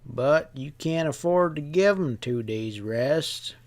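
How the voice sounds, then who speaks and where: A male narrator voicing a sly, placid young stableman who talks in a slow, unhurried drawl. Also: on the high side, animated.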